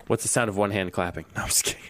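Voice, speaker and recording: A man's voice: fairly low pitch, fairly even intonation, rapid-fire, fairly bright tone. A young man co-hosting a podcast, chatting in a playful, jokey way. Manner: playful, laughs often. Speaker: podcast co-host. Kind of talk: casual chat.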